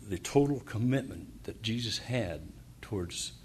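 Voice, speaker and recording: A man preaching a sermon, reading verses and explaining them, pausing often with fillers and restarts, then building up to fervent emphasis. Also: lowish voice, lively intonation, slight background noise.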